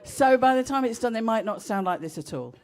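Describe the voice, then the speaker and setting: A woman's voice: a little high, animated, a little fast. A woman, a singer-songwriter chatting wryly with a festival crowd between songs in a live music set. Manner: wry, self-deprecating storytelling between songs. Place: outdoor festival stage. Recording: loud live music behind the voice.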